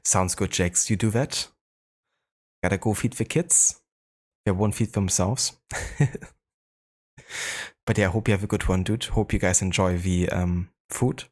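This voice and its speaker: German accent guy streaming games, real low voice, chill and chatty, lots of uh and like. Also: a little slow, pauses often, a little mellow. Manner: laid-back, chatty, greets viewers, frequent fillers. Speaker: game streamer. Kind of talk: casual live-stream chat.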